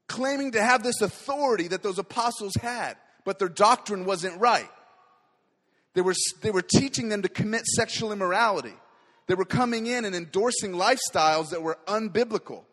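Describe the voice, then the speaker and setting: A man preaches with fervent energy, dropping to quiet asides and then rising to loud declarations. His voice sits high for a man. The sound rings with the long reverb of a large hall. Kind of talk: sermon.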